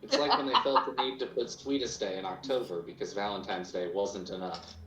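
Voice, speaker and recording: A man's voice: lowish voice, steady tone, brisk, pushed and bright, roomy sound, slight background noise. A man playing in a tabletop game, chatting casually with dry, wisecracking remarks. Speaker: player.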